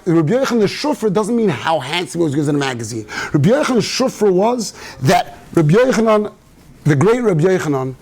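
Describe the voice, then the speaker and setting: Rabbi, male, higher voice; casual storytelling shiur in a synagogue study hall. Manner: storytelling, mixing Yiddish and Hebrew terms. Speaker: rabbi giving a talk. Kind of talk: informal Torah talk.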